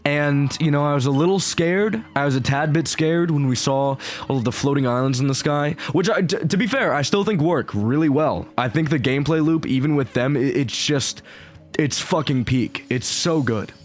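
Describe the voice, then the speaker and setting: A man giving casual, excitable gameplay commentary, rambling and swearing freely as he plays. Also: a little high, moderate pace, faint music behind. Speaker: gaming YouTuber.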